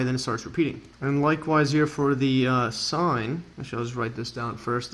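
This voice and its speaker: A man's voice: mid-range voice, vocal fry. A man tutoring calculus as he works through a problem on a board, thinking aloud with frequent fillers and self-corrections. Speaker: math tutor. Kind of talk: whiteboard math lesson.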